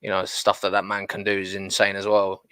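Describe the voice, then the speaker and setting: A man's voice: deep voice, completely flat delivery, a little fast, sharp tone, clear, resonant tone, dry recording. A man from England, hosting a podcast and chatting casually, with lots of restarts. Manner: rambling, stumbles and restarts often. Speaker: podcast host. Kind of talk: casual interview chat.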